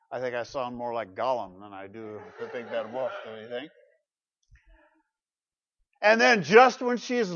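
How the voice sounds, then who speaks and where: A man preaching a sermon with dramatic rhetorical questions, swinging from loud to quiet. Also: mid-range voice. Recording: dull lo-fi recording.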